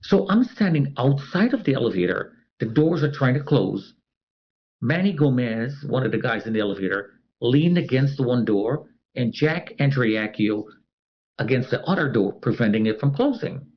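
A man's voice: mid-range voice, expressive, normal speed, lo-fi sound. A man telling a personal story as an interviewee. He talks animatedly and acts out the other people's voices.

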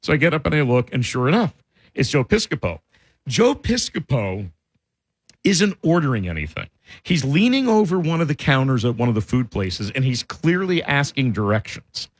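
A husky, mid-range male voice at normal speed belongs to a radio co-host spinning tales in the studio. The banter is loose and lively, and he frequently cracks up laughing mid-story.

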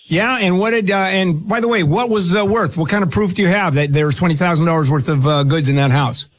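A man's voice: sits high, a little fast. Blunt, impatient radio advice host, a man. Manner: blunt, impatient, interrupts the caller.

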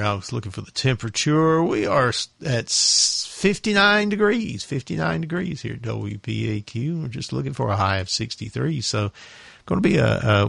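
Gravelly, easygoing male radio host. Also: medium pitch, no room sound. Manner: relaxed, chatty, folksy and easygoing. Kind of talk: casual radio chat. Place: radio studio.

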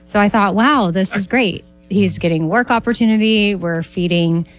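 A woman's voice: medium pitch, normal speed, soft background music. A woman co-hosting a podcast in casual chat, laughing easily. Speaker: podcast co-host.

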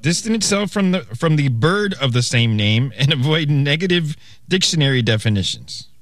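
A man's voice: fairly high pitch, expressive, moderate pace, dry recording. A man on a radio show's crew reading out an explanation in a matter-of-fact way.

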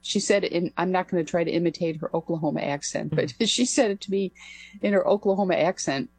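A woman's voice: on the low side, brisk, darkish tone, breathy edge, no room sound. An older woman, a retired pilot, telling a story as a guest on a radio interview, with a light laugh now and then. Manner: anecdotal, laughs while telling. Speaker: guest, former pilot and astronaut.

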